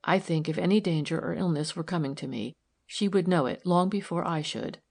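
A woman reading the part of a tired, gentle wealthy wife in a soft, weary voice. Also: lowish voice, brisk, vocal fry. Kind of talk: audiobook character reading.

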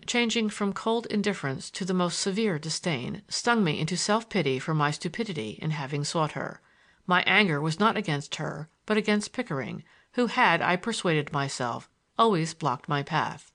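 A woman narrating a first-person novel as an audiobook, reading in a measured, expressive way. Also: on the low side.

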